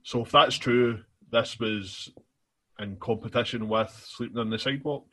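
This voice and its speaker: A man's voice: mid-range voice, moderate pace, a bit bright. A man with a Scottish accent co-hosting a podcast in casual chat, hesitant with many ums and restarts. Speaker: podcast co-host.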